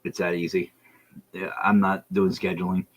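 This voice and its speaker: A man hosts his own podcast livestream in a loose, rambling way, full of excitement as he talks straight to viewers. His voice sits low and a little husky. He often stops to read their messages aloud. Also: moderate pace, low-quality recording. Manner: rambling, enthusiastic, reads chat aloud. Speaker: podcast host. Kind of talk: casual livestream chat. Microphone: streaming setup.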